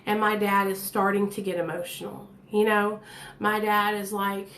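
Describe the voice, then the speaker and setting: A woman's voice: mid-range voice, little pitch movement, normal speed, fairly bright tone, a little hiss or hum. Candid woman telling her story, echoey room. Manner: candid, blunt and chatty, addresses viewers directly. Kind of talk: casual storytelling to camera.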